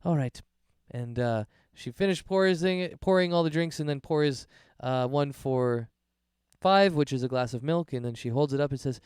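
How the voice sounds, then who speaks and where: A man's voice: mid-range voice, normal speed, darkish tone, clean tone, no room sound, clean studio sound. A man running a tabletop game as game master, explaining rules and narrating in an easygoing way.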